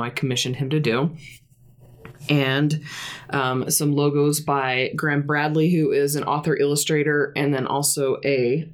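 A chatty woman in her thirties co-hosts a writing podcast. She talks in an easy, rambling way and laughs often. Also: deep voice. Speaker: podcast co-host. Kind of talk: casual chat.

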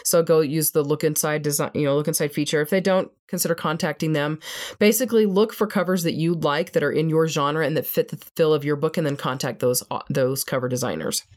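A woman's voice: low voice, brisk, a little mellow. A woman co-hosting a podcast, chatty and self-deprecating, laughing often. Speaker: podcast co-host. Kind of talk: casual podcast chat and book reading.

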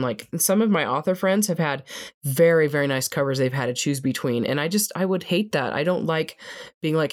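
A woman co-hosting a podcast, chatty and self-deprecating, laughing often. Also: low-pitched. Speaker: podcast co-host. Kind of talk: casual podcast chat and book reading.

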